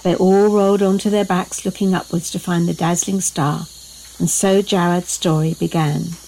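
A woman narrating a children's bedtime story in a gentle, expressive, measured way. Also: fairly low pitch, a little hiss or hum, poor audio.

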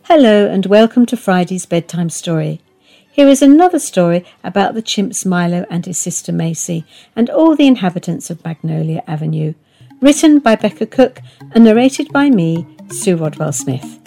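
A woman narrating a children's bedtime story in a gentle, expressive storytelling manner. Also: lowish voice, moderate pace, vocal fry, faint music behind.

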